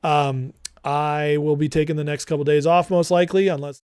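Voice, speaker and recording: A man's voice: on the high side, little pitch movement, normal speed, a little mellow, clear, resonant tone, no room sound, clean studio sound. A man in his forties hosting a political livestream, speaking fervently and preachily and reading out chat comments.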